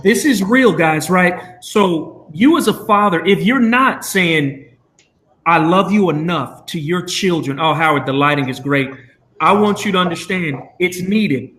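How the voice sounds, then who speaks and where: A man's voice: on the high side, unhurried, a bit bright, echoey room. A man hosting a live video chat, talking earnestly and rambling with many fillers. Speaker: show host.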